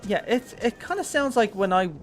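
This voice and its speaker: An Irish man chats his way through a live game stream, thinking aloud and trailing into ums. His pitch sits in a middle register but moves around a lot. Faint music plays quietly behind him. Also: lively intonation, a little fast. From Ireland. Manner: chatty, rambling, thinking aloud with many ums. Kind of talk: casual live-stream gameplay commentary.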